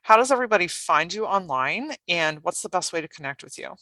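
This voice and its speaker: Effusive podcast hostess, bright voice. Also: female voice, lowish voice, animated, no room sound. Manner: effusive, halting, repeats words. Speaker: podcast host. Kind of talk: warm conversational podcast interview.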